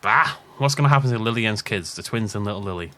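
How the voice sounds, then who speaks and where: Casting: man from the Isle of Man, let's play host, lively and animated, musing aloud. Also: fairly low pitch, quick pace. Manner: rambling, thinking aloud, chuckling. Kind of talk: casual gameplay commentary.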